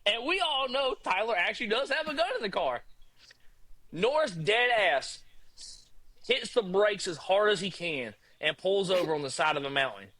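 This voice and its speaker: A young man casually telling a road-trip story on a podcast, animated and swearing, acting out quotes. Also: high-pitched.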